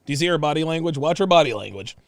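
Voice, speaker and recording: A man's voice: on the high side, racing, gravelly, no room sound. A man in his forties hosting, giving profane, mocking reaction commentary on video clips and repeating his points. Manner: mocking, animated, repeats himself.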